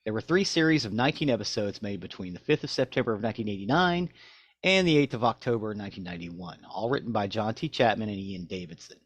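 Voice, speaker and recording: Talking fast with lively intonation, a male co-host with a somewhat low voice reads from his notes before drifting into relaxed conversation. He's close-miked in a dry room with no echo.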